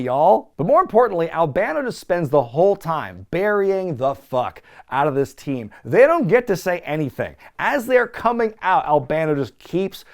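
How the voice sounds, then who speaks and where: Male host, casual wrestling commentary; sarcastic, profane, high and animated delivery. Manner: sarcastic, profane, laughing often.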